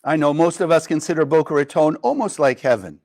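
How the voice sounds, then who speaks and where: A man's voice: fairly high pitch, animated, brisk, a little mellow. A man teaching a group in a live class, retelling a story and asking many rhetorical questions. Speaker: Kabbalah teacher.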